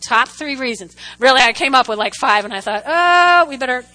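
A woman with a high, bright voice preaches to her congregation. She tells funny stories about herself and keeps calling out for answers from the room. Her delivery is animated and conversational. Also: fairly quick, rough recording. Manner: animated, humorous storytelling with audience call-and-response. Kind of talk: sermon.

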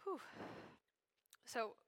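A woman preaching a sermon in an animated, conversational way with casual slang. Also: extremely slow, no echo.

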